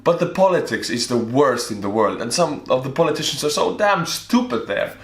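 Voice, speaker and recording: A man with an Estonian accent hosts a reaction video in an echoey room, speaking at medium pitch and a little fast. His casual commentary is blunt and jokey, broken up by sudden excited shouts.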